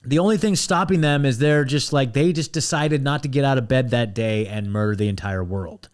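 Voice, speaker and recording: A man's voice: mid-range voice, a little fast. American male host, mid-range voice, blunt, restless ranting commentary. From United States. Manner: blunt, restless, full of restarts and asides.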